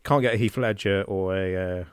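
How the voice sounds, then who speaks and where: A man's voice: on the low side, brisk, clear, resonant tone, no room sound, clean studio sound. A man co-hosting a podcast, rambling through hesitant jokes in casual banter. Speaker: podcast co-host.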